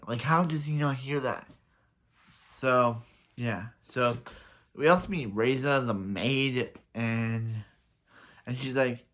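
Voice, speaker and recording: Speaking at a plain middle pitch with a slightly bright tone, a show reviewer rambles through a casual plot recap. He keeps saying "like" and "so yeah," restarts quickly, addresses viewers informally, and chuckles at his own jokes.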